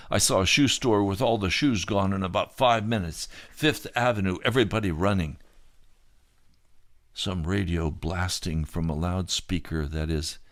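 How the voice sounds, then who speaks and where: A man recounting a dream vision in the first person, halting at times, repeating words and restarting sentences. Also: low-pitched, no echo, clean studio sound.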